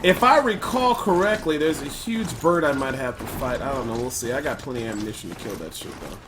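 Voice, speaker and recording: A man giving gameplay commentary, thinking aloud and loudly trash-talking enemies with plenty of swearing. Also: medium pitch, animated, brisk, over music. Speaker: let's play commentator.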